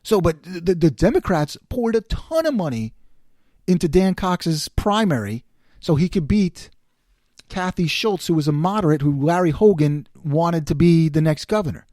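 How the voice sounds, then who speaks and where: A middle-aged man hosting a podcast, delivering an opinionated political monologue in a sarcastic, animated way. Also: on the high side, moderate pace, no room sound, clean studio sound. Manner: animated, sarcastic, quotes others in put-on voices. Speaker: podcast host.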